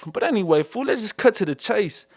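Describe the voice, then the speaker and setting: Slangy Chicano-accented young man, high voice. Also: expressive, brisk, no room sound, clean studio sound. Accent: Chicano English. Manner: slangy, says "fool" constantly, rambling. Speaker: podcast host. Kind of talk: casual solo podcast talk. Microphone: studio mic.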